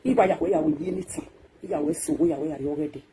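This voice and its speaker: The speaker is a Nigerian-accented woman hosting a talk show on social media, scolding in a rant that swings from loud outbursts to hushed muttering. She talks very fast in a low-pitched voice, over background noise.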